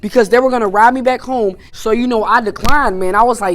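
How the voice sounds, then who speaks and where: A man's voice: high-pitched, fairly quick, few pauses, fairly bright tone. A man telling a personal story on his vlog in a loose, casual way, dropping "man" and "you know" into nearly every sentence. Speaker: YouTuber.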